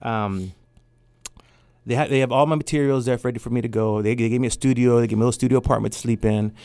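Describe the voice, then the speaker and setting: Fast, animated storytelling man. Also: mid-range voice, smooth, no room sound. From Mexico. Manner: animated storyteller acting out quotes. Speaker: artist and guest. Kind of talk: storytelling interview.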